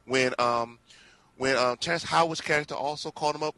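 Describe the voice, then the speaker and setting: A man's voice: fairly high pitch, a little fast, sharp tone, no room sound, low-quality recording. A man chatting casually as a film reviewer, sardonic and given to pointed questions. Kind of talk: casual chat.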